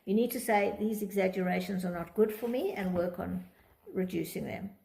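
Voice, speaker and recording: A woman's voice: medium pitch, moderate pace, vocal fry, mellow. A woman teaching a Torah psychology class, reading from a text and explaining it, acting out quoted thoughts in different tones. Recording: echoey room.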